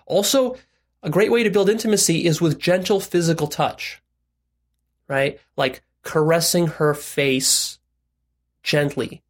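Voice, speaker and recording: A man giving frank, direct relationship and sex advice in a casual monologue, explaining step by step with "right?" asides. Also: a little high.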